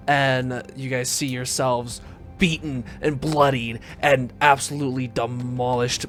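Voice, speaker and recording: A man running a tabletop game as dungeon master, describing the action in an unhurried, descriptive way. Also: medium pitch, fairly even intonation, a bit bright, faint music behind.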